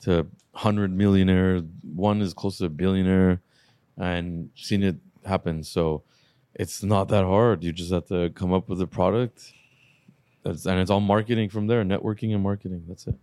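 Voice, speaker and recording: A man's voice: low-pitched, steady tone, moderate pace, dark tone, no room sound. A man co-hosting a casual podcast, laid-back, swearing now and then and listing things off. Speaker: podcast co-host, car shop owner.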